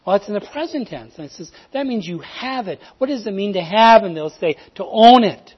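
A man teaching how he shares the gospel, telling stories in an earnest voice that swings from emphatic to hushed. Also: sits high, animated, a little fast, husky. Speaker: evangelism teacher. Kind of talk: teaching evangelism technique. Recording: dull lo-fi recording.

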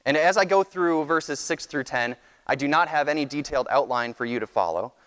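A man preaching a sermon, teaching in a measured, earnest way that often restarts phrases. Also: fairly high pitch, fairly bright tone, clean tone. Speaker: pastor. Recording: long hall reverb.

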